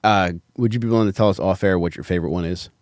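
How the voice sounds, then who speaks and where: A man's voice: sits low, very fast, no room sound. A man co-hosting a podcast, dropping short, dry quips in casual banter. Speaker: podcast co-host.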